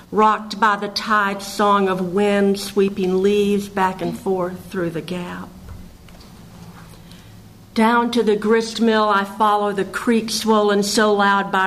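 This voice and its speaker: A woman poet reading her own poems aloud in a measured recitation, with hesitant, chatty asides between the pieces. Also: mid-range voice, slight background noise, poor audio. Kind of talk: poetry reading.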